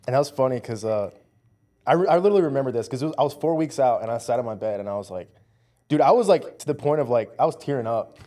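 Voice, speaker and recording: A man's voice: medium pitch, quick pace. Chatty young man telling a story. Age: 20s. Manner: animated storyteller, fillers like "like" and "dude". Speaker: powerlifter guest. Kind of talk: casual conversation.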